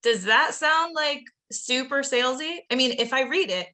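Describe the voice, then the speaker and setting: A woman's voice: high-pitched, expressive, moderate pace, few pauses, bright, forceful tone. A woman leading a live online training session, talking in an upbeat, chatty way and addressing her audience directly. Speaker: webinar presenter training real estate agents.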